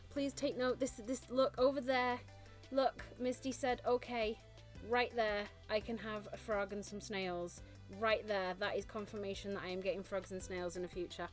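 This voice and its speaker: A woman chatting casually on a live stream, gushing and laughing often. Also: fairly high pitch. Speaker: vtuber streamer. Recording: faint background music.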